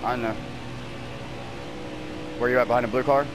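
A man at home snaps profanity-laden trash talk at online racing opponents, heated and ranting to his teammates. His voice sits at an ordinary pitch, picked up by a headset. Air-conditioning hum and noise run under the recording. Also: little pitch movement, moderate pace. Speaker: gamer streaming online racing. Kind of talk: angry gaming trash talk.

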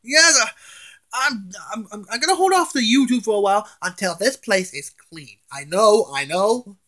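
A man's voice: sits high, expressive, normal speed, sharp tone. A man ranting in a casual home vlog, angry and swearing, often stammering and restarting his words. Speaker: vlogger. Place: at home, indoors.

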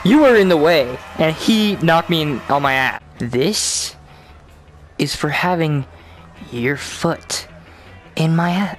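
A young adult gamer narrates their VR play loosely, taunting and cursing at the people in the game. The pitch leaps all over the place while the delivery stays slow and drawn out. Faint game music plays behind the voice. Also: expressive. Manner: rowdy, swearing, talking to game characters; bursts into shouts and loud laughter. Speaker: gaming video host. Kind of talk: casual VR gameplay commentary.

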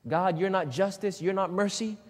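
A man's voice: high-pitched, steady tone, normal speed, slightly rough. A man preaching who briefly voices Satan accusing God, in an indignant, accusing tone, with the long reverb of a hall.

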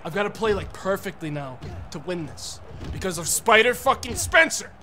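A man streaming a video game, ranting and swearing in exasperation and often breaking into shouts. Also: high-pitched, big pitch swings, moderate pace, noisy background. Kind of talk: live gameplay commentary.

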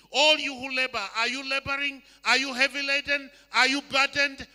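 An older man from Uganda preaches in a church hall, his voice high and strikingly bright. He moves between loud, urgent appeals and hushed, slow lines. A long reverb trails each phrase. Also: steady tone. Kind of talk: sermon.

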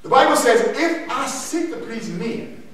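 In an unhurried, sing-song, very high voice with a bit of brightness, a man preaches a Bible lesson in a church sanctuary. He teaches call-and-response style, emphatic and repetitive, laughing between points; the audio is echoey, distant and a little noisy.

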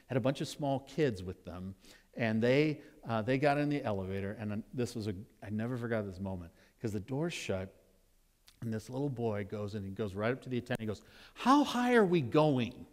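A man from Nevada preaching a sermon as pastor, animated in his storytelling, swinging between loud exclaims and hushed asides before a congregation. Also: mid-range voice. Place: church sanctuary with congregation. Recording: long hall reverb in a church.

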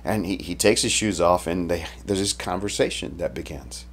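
A man preaching a sermon in a relaxed, conversational way, retelling the story casually and often restarting his sentences. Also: sits low, normal speed. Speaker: pastor.

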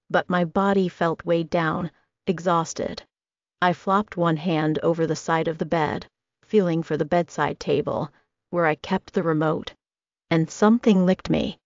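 A woman's voice: lowish voice, a little slow, creaky, no echo. A woman narrating a first-person audiobook romance in a wry, comic storytelling manner. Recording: dry, dull lo-fi recording.

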